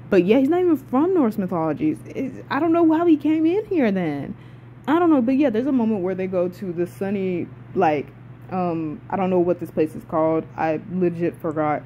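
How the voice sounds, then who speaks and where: Excitable rambling young woman gamer. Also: on the low side, lo-fi sound, a little hiss or hum. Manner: excitable, rambling and profane, with frequent swearing and self-interruptions. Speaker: game character reviewer. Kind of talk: casual video-game commentary.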